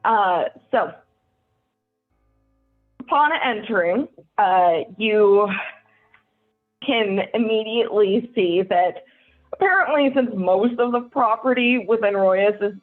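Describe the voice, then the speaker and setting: A woman's voice: mid-range voice, slow, pauses often, faint music behind. A woman narrating as game master of a tabletop game, casual and giggly, with many fillers. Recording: tinny phone-like call audio.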